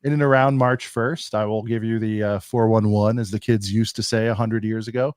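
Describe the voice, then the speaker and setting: A man's voice: fairly low pitch, fairly even intonation, fairly quick, clean tone, no echo, clean studio sound. A man co-hosting a casual podcast, talking in a rambling, jokey, self-deprecating way. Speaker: podcast co-host. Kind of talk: casual chat.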